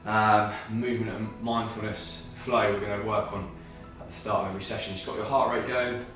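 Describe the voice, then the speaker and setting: A man's voice: fairly low pitch, flat delivery, fairly quick, a bit bright, heavy reverb, distant mic, soft background music. Out-of-breath man guiding a workout. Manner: encouraging, talks through each move step by step. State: slightly out of breath. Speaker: fitness instructor. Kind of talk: guided exercise class.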